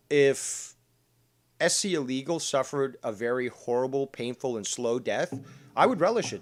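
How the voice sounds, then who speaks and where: A man's voice: medium pitch, animated, moderate pace. A man hosting a live drama talk show, ranting heatedly and swearing freely. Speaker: stream show host.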